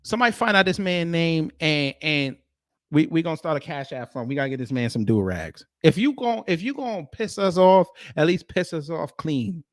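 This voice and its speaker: Animated man ranting on a livestream. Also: fairly high pitch, normal speed, no echo, studio quality. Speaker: livestream host. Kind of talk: reacting to clips on a livestream.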